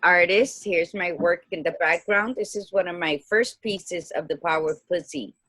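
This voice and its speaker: A woman in her fifties co-hosting a casual livestream chat, lively and laughing, dropping Spanish greetings. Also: lowish voice, normal speed, husky, no room sound. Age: 50s. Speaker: co-host, life coach. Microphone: video call.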